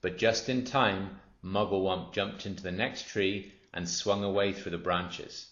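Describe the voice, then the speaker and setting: A man narrating a children's story aloud in a steady, expressive reading voice. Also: sits low, a little slow. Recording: roomy, dull lo-fi.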